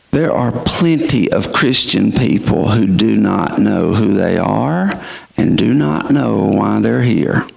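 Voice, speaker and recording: A man's voice: fairly low pitch, lively intonation, slow pace, creaky, darkish tone. A middle-aged male pastor who preaches a sermon and asks his listeners emphatic questions. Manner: emphatic, rhetorical questioning of the audience.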